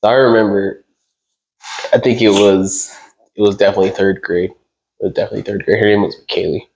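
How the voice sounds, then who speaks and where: A man's voice: lowish voice, steady tone, fairly quick, vocal fry, darkish tone, slight background noise, rough recording. A young man co-hosting a podcast, telling a childhood story in loose casual chat with lots of fillers and swearing. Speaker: podcast co-host.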